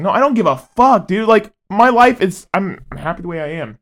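A man with a somewhat high voice talks casually as a podcast co-host. He rambles, swears freely, and often breaks into laughter. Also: animated, fast, hardly any pauses, fairly bright tone. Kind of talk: casual chat.

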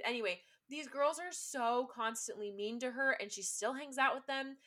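A young woman in casual conversation, talking with a bright, forward tone. She retells scenes in a lively storytelling manner, slipping into the voices of the people she quotes. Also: sits high, moderate pace, few pauses. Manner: chatty storytelling, acts out quotes. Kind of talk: casual chat.

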